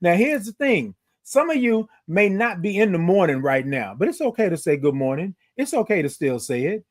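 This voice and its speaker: Male morning-stream host on a phone, high and very lively, reads out viewer comments and stretches out his greetings. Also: normal speed. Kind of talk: upbeat live-stream chat greeting viewers.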